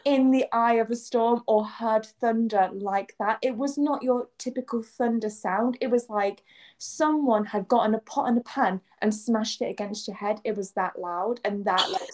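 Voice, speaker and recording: English woman, podcast co-host, lively storyteller, slightly high voice, acts out every line. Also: measured pace. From England. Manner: animated storyteller, acts out quotes and sound effects. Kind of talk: casual chat.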